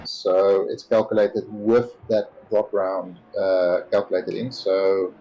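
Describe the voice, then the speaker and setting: Mellow low-voiced male co-commentator. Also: takes it slowly, rough recording. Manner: relaxed, joking color commentary. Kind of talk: esports sim racing commentary.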